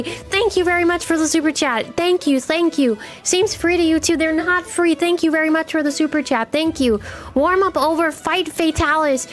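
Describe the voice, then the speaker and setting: A woman's voice: extremely high pitch, normal speed, faint music behind. A young woman streaming a game live, chatting with her viewers in a playful, teasing way.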